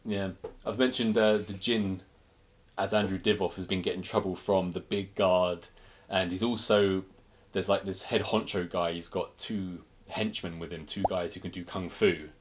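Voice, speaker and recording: A man co-hosting a casual film review podcast, retelling plots in an animated way with frequent restarts. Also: low voice, moderate pace, slight background noise. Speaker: podcast co-host.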